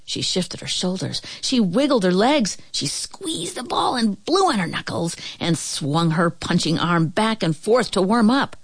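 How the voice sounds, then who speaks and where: Expressive woman reading a children's story. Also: medium pitch, a little slow, hardly any pauses, slightly rough, dry recording. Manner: expressive, rising and falling with the action.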